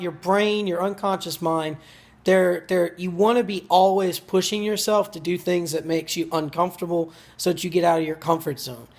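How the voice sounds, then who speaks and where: A man talking straight to camera in a rambling, frank vlog monologue, swearing freely as he thinks aloud about money and goals. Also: high-pitched. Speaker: entrepreneur vlogger.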